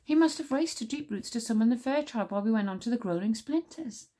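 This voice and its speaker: A woman's voice: on the high side, animated, quick pace, warm tone, pitched above the performer's own voice. A woman reading as an earnest boy hero. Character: brave young boy hero.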